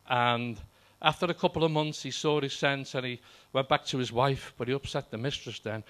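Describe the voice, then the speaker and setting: A man's voice: medium pitch, fairly bright tone. An older man telling doctor jokes and one-liners to a live audience in a chatty stand-up style, talking straight to the crowd. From Wales. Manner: chatty, addresses the audience directly. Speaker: amateur stand-up comedian. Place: library hall with live audience.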